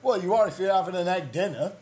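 A man's voice: high-pitched, fast talker, a little mellow. A man playing quizmaster in a comedy quiz, flustered and teasing as he reads out clues. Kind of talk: mock quiz show banter.

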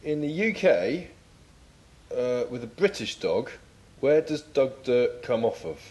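A man's voice: mid-range voice, big pitch swings, slow pace, a little mellow, husky. A man runs a mock quiz on a casual comedy podcast. His delivery is dry and teasing, with a mid-range voice. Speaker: podcast co-host, quizmaster.

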